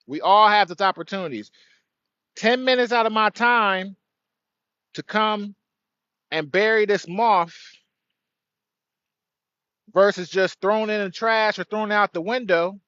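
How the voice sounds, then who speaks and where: A man's voice: sits high, fairly bright tone, no room sound, lo-fi sound. A man hosting an outdoor spiritual livestream, speaking earnestly and greeting viewers by name. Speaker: livestream host. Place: outdoors by a tree.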